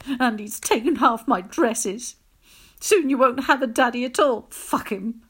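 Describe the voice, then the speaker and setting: A woman voicing a distraught mother who swears in loud, bitter outbursts in a storybook reading. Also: fairly high pitch, animated, moderate pace, voice pushed up. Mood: furious. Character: distraught angry Scottish mother.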